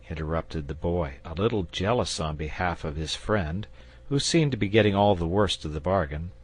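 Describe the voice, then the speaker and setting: A man narrating an audiobook in a measured, unhurried storytelling manner. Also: low voice, animated, dry recording. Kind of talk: scripted narration.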